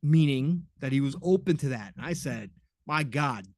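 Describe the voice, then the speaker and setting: A man co-hosting a casual gaming podcast, enthusiastic and quick to chime in with agreement. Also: mid-range voice, lively intonation, mellow, dry recording, studio quality. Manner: enthusiastic, talks over his co-host with quick agreements. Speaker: podcast co-host.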